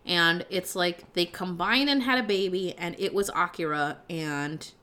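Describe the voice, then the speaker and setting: A woman's voice: on the low side, a little slow, pushed and bright. A woman co-hosting a casual movie podcast, blunt and swearing freely as she gives her takes. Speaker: podcast co-host. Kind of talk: casual movie review chat.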